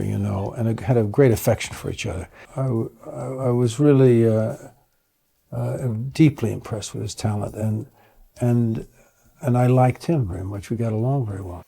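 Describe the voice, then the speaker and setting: Gravelly, raspy-voiced man. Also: fairly low pitch, mellow. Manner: hesitant, with many fillers and restarts. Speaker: actor. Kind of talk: interview reminiscence.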